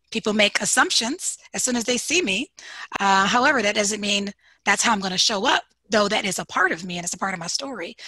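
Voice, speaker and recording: A woman's voice: medium pitch, sharp tone, dry recording, poor audio. A woman from Detroit speaking in a documentary interview, confident and emphatic, building her points through repetition. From Detroit, United States.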